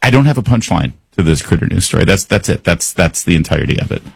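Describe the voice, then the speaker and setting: A man's voice: low-pitched, very animated, fast talker, vocal fry, breathy edge, no echo. A male talk show host giving opinionated news commentary with sarcastic, exasperated asides.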